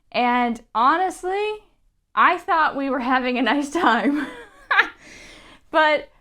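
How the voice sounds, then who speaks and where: A young woman teaching English pronunciation, telling stories in an animated way and laughing often. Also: fairly high pitch, clear, resonant tone. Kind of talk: casual teaching to camera.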